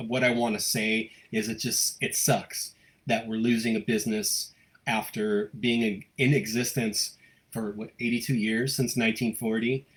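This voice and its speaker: A man's voice: medium pitch, little pitch movement, moderate pace, a bit bright. A man hosting a live local news stream, chatting casually and reading out viewer comments, with many fillers and restarts. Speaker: host of a local news livestream.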